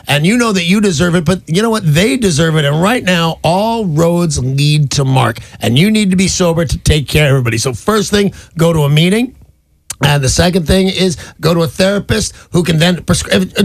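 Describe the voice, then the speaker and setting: Blunt radio host man, gravelly, dry. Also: fairly high pitch, no echo. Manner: frank, blunt, calls the caller buddy. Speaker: radio host giving advice. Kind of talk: call-in radio advice. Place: radio studio. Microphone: studio microphone.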